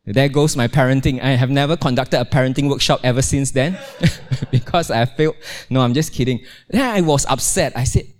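A middle-aged man preaching a sermon in a church, telling a family story with playful humor and lively exclamations. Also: a little fast, hardly any pauses. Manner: animated storytelling, playful, exclaims with rising pitch. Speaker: pastor. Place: church, also streamed online.

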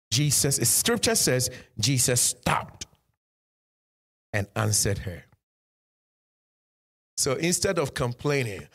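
Male pastor, sermon, lively swooping pitch, mid-range voice, calls out amen, asks the congregation questions. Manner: preaching with repeated "Amen" and direct questions to the congregation.

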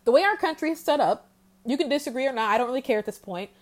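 A woman's voice: high-pitched, expressive. Heated woman ranting solo. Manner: heated, exasperated, talks straight without pausing. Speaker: podcast host. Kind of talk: solo commentary rant.

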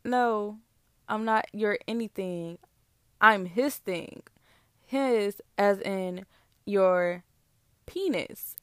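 A young woman rants about relationships in a casual, sassy and emphatic way. Her voice sits at a middling pitch, and she is recorded dry and close. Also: unhurried, dry recording. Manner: sassy, animated, emphatic with laughs. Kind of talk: casual relationship rant to camera.

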